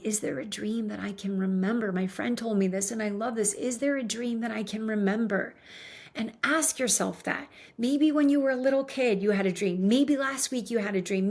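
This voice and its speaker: A woman giving an earnest motivational talk, coaching her listeners and often checking in with "right?". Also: a little high. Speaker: motivational speaker.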